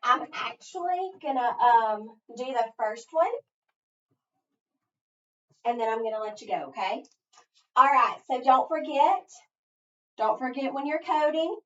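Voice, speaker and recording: A woman teacher giving a phonics lesson, thinking aloud step by step and pausing so listeners can finish her sentences. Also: high voice, expressive, a bit bright. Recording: echoey, distant, dull sound.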